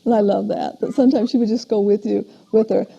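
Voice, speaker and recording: An older woman, a parent educator, giving a steady, explanatory lecture on parenting in a recorded talk. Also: medium pitch, fast, creaky, husky. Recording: dull lo-fi video playback.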